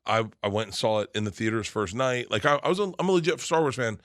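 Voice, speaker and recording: A man in his fifties, a comedian guest, telling stories and acting out the voices of the people in them, breaking into loud laughter. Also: fairly low pitch, lively intonation, fast, no echo, studio quality. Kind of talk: animated storytelling.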